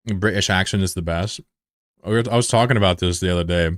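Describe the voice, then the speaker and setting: A man's voice: sits low, fast talker, no room sound, clean studio sound. A young American man chatting loosely with viewers on a stream, rambling and swearing freely. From USA. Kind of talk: casual chat with viewers.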